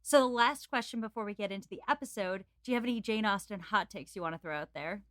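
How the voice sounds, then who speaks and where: A woman's voice: medium pitch, quick pace, a bit bright, no echo, clean studio sound. A woman in her twenties hosting a casual chat podcast, giggly and chatty. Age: 20s. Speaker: podcast host.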